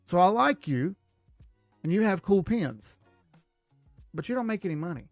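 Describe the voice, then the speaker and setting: A man voicing a blunt male investor who dismisses a pitch and drives a hard bargain. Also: big pitch swings, moderate pace, no room sound, soft background music.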